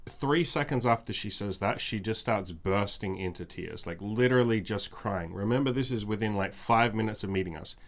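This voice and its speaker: A man's voice: fairly low pitch, normal speed, few pauses. A man hosting a podcast, telling a story in casual chat, frank and emphatic, repeating phrases for effect. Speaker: podcast host.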